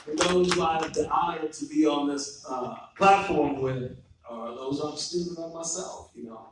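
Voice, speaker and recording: A man's voice: fairly high pitch, moderate pace, background noise. A man giving a public address as a guest speaker, earnest and reverent as he thanks the elders around him. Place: courthouse event hall. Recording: echoey hall, far from the mic.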